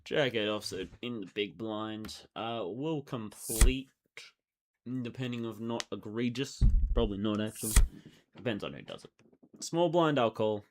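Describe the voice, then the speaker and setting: Excitable man narrating his poker hands. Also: on the low side, a little slow, noisy background. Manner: chatty, thinks aloud, swings between excited and muttering. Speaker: online poker streamer. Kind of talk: casual running commentary while playing.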